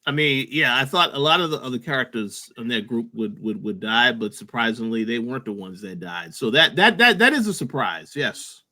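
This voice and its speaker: A man's voice: medium pitch, animated, normal speed, few pauses, sharp tone. A man co-hosting a casual podcast chat, giving his opinions plainly, repeating words as he goes. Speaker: podcast co-host.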